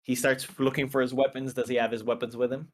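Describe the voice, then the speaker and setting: A man narrating as game master in a relaxed, descriptive way. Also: mid-range voice, quick pace.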